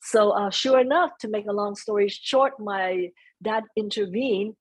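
A soft-spoken woman being interviewed, chatting casually and mixing in Vietnamese phrases. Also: medium pitch, unhurried, slightly rough, dry recording, poor audio. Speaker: interview guest. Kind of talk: casual conversation.

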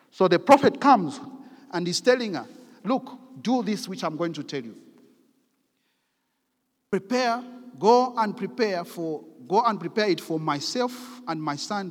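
Preacher man with a booming hall echo. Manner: emphatic, reads scripture aloud with rising force. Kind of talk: sermon. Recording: long hall reverb.

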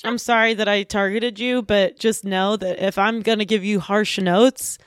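Brief: woman, improv director, gushing then stern notes, flat dry recording. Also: mid-range voice, moderate pace, no echo. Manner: bossy, gushing notes with laughs. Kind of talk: comedic improv coaching.

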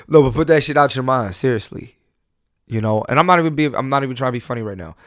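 A man hosting a casual solo podcast from home, high on weed, loose and rambling, laughing and cursing as he talks. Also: fast talker, fairly bright tone, no room sound, clean studio sound. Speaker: podcast host.

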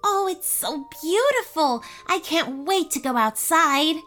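A woman's voice: high voice, huge pitch swings, slow, bright, forceful tone, faint music behind, exaggerated voice. A woman voicing a sweet, enthusiastic little girl who squeals with delight. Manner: squealing, gushing.

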